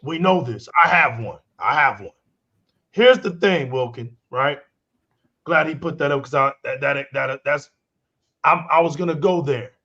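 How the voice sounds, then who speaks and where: A man co-hosting a gaming livestream, building his argument slowly and deliberately. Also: on the high side, pushed and bright. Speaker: co-host. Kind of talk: casual livestream commentary. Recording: dull lo-fi call audio.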